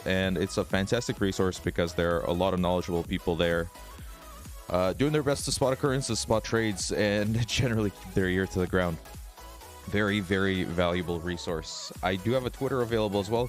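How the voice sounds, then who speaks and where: A man with a raspy voice, chatting casually as a trading streamer, relaxed and swearing now and then. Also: sits low, a little fast, faint music behind. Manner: relaxed, swears, laughs often. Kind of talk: casual live-stream chat.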